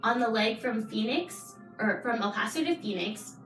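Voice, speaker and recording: A woman's voice: on the high side, normal speed, soft background music. Woman telling a story in a roomy room. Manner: animated storyteller, laughs often. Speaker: podcast guest. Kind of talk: casual podcast chat. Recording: roomy, distant mic.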